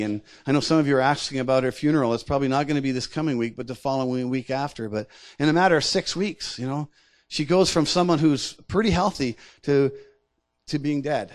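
A man preaching a sermon in a conversational way, often repeating words and chuckling between points. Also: on the high side. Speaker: pastor.

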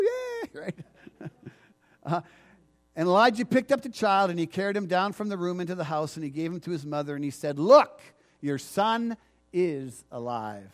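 Conversational male pastor preaching a sermon. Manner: conversational, asks the congregation questions; dramatic swings in loudness and pitch when reading scripture.

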